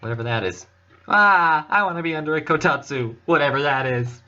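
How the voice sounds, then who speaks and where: A man's voice: a little high, fairly quick, pushed and bright, muffled recording. A man voicing a cheerful young woman student who chats in an upbeat way. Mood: chatty. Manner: chatty, upbeat.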